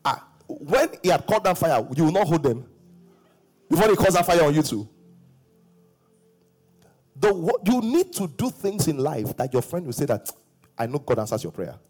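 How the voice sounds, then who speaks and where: A middle-aged male pastor preaches with a husky voice, swinging between sung lines and shouted peaks. His pitch sits high and ranges widely, and faint music plays underneath. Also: big pitch swings, normal speed, pauses often. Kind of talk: sermon.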